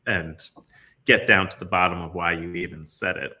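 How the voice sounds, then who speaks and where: Low-voiced man, halting and reflective. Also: steady tone, sharp tone. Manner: halting, reflective, many restarts. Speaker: ER doctor and guest. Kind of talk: casual chat.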